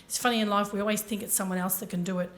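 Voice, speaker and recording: A woman's voice: medium pitch, fairly even intonation, racing. A woman giving a motivational talk to a conference audience, telling her story earnestly and speaking directly to the listeners. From Ireland.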